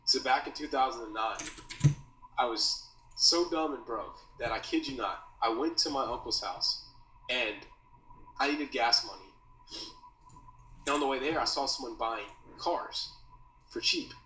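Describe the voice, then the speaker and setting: A man's voice: mid-range voice, measured pace, long pauses, bright, forceful tone. A man teaching a copywriting course in a loose, slangy casual talk, calling listeners dude and bro. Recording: roomy echo, mic at a distance, faint noise.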